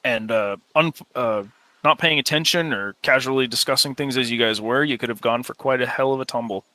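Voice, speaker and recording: Game master guy narrating a tabletop game, bright tone, dry mic, loose and chill with lots of uhs. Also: medium pitch, no room sound. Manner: relaxed, many filler pauses.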